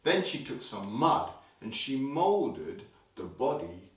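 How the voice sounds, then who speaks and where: A man hosting a children's show, telling a story playfully and breaking into sudden shouts, heard in an echoey room from a distance. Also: medium pitch, slow pace. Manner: animated, leaps into loud sudden shouts for scares.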